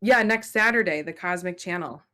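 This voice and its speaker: A woman leads a spiritual group chat over a video call. She talks in an earnest, flowing, reflective way. Her voice sits a little low, yet it comes out bright and forceful. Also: normal speed. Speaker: host and channeler.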